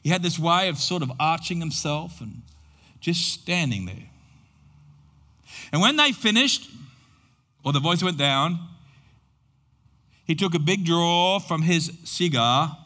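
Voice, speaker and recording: High-voiced pastor preaching slowly. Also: male voice, lively intonation, bright, forceful tone. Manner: dramatic storytelling with long pauses. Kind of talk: sermon storytelling. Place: church hall. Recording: long reverb in a large hall.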